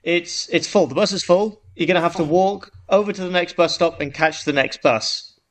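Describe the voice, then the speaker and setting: A man's voice: high voice, normal speed, natural voice. A man voicing a stern male bus driver in a told joke, speaking firmly.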